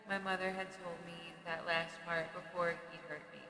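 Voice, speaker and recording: Bright-voiced woman reading a memoir. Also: on the low side, moderate pace. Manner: steady reading pace with occasional stumbles and restarts. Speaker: reader. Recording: echoey room with long reverb and faint noise.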